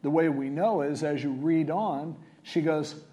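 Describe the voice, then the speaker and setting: A man delivering a sermon in a slightly high, mellow voice. He retells the scripture casually and conversationally, as if chatting with his listeners. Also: measured pace, hardly any pauses. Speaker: preacher.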